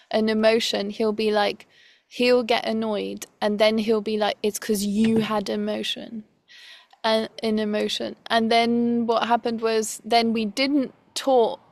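A woman's voice: on the high side, no echo. A woman casually recounting a personal story, rambling and quoting others, slipping into French now and then.

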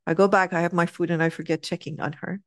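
A middle-aged woman telling a personal story in a casual, animated way, often laughing, with slightly non-native phrasing. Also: on the low side, quick pace, no echo, studio quality. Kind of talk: casual anecdote.

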